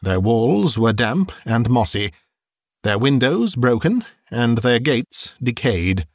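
A man narrating a classic novel as an audiobook, in expressive, measured storytelling. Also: medium pitch, no echo, studio quality.

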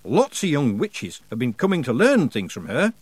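A gossipy village woman , voiced by a male narrator, who leans in to share secrets with lively, rising inflections. Close, dry storybook reading. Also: medium pitch, normal speed, husky, dry recording. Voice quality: gossipy, confiding.

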